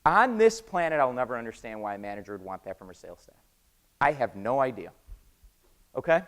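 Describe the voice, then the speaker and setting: An American man giving an energetic conference talk, quizzing the audience and acting out conversations. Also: medium pitch, quick pace. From United States. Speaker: conference speaker. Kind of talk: keynote talk with acted-out dialogue.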